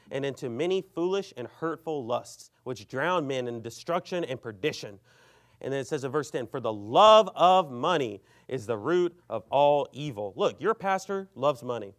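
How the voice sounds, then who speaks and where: A man preaching a sermon, telling an argument story with lively acted-out quotes and reading scripture aloud. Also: on the high side. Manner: animated storytelling, acts out both sides of an argument; reads scripture aloud in King James wording. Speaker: pastor.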